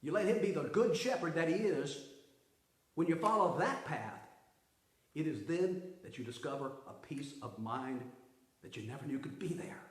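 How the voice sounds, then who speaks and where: A man, the pastor, preaching a sermon with emphatic delivery that swings from loud to hushed, recorded in a church sanctuary. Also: a little high, lively intonation, moderate pace. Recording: roomy echo.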